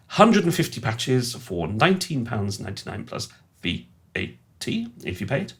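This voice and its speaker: Male sound designer, low, lively delivery, rambling and self-deprecating. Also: fairly quick, breathy edge. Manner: chatty, rambling and self-mocking. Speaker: sound designer presenting his synth patches. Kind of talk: casual software walkthrough.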